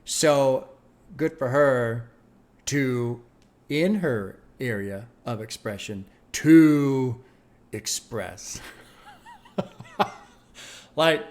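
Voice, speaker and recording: Male music reaction host, casual unscripted commentary, emphatic and profane, thinks out loud. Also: medium pitch, very slow, pauses often.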